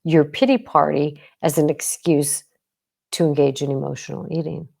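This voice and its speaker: A woman's voice: deep voice, little pitch movement, moderate pace, creaky, a little mellow. A woman psychologist hosting a podcast, talking casually and intensely, checking in with "right?" and acting out quoted lines of speech. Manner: intense, emphatic, with frequent "right?" check-ins. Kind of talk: casual talk.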